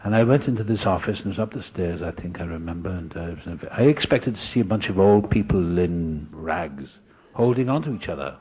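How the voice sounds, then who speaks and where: A man speaking at a recovery meeting, telling his story in a lively, dramatic way and acting out the voices of other people. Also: low-pitched, fairly quick, breathy edge. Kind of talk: storytelling talk. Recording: dull lo-fi recording.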